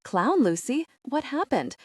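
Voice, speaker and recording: A woman's voice: high voice, big pitch swings, unhurried, dry recording, studio quality, pitched above the performer's own voice, exaggerated voice. A woman voicing a shaken young man who sounds choked and pleading. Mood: startled. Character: shaken young man, art lover, near tears.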